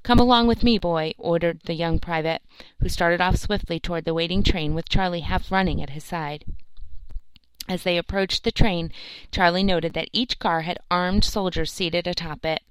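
A woman narrating a storybook in a calm, even way. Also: on the low side, normal speed, smooth, dry recording, rough recording. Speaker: audiobook narrator. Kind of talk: scripted narration.

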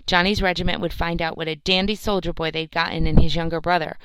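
A woman narrating a storybook in a calm, even way. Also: lowish voice, fast talker, smooth, no echo, rough recording. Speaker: audiobook narrator. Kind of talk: scripted narration.

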